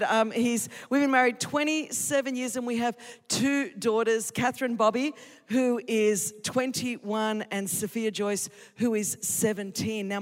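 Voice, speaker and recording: A woman in her fifties with an Australian accent, preaching an energetic, joking sermon to a church congregation. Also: fairly high pitch. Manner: exuberant, joking, emphatic. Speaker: guest preacher. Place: large church auditorium. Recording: reverberant church hall.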